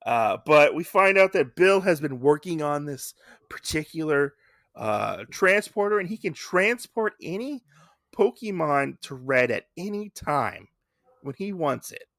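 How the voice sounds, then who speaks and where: A man's voice: on the high side, big pitch swings, unhurried, fairly bright tone, no echo, studio quality. A man co-hosting a casual podcast, chatting in a rambling way with many fillers. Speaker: podcast co-host. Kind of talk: casual chat.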